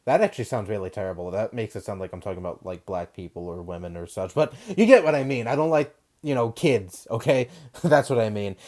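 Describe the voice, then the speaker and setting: A man's voice: fairly low pitch, fairly quick, darkish tone. A young man giving casual commentary on an article, rambling and defensive, with lots of fillers, restarts and mild swearing. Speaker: video commentator.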